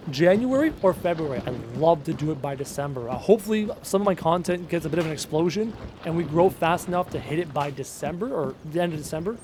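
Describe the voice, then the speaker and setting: A man in his thirties hosting a live gaming stream, reading out viewer comments and answering them in a relaxed, chatty way. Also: high voice, noisy background. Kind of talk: casual live-stream chat while playing.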